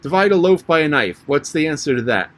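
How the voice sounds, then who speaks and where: A man's voice: on the high side, lively intonation, fairly quick, fairly bright tone, pitched above the performer's own voice. A man reading an audiobook and voicing the White Queen, an anxious, scatterbrained queen with a fussy, rambling manner.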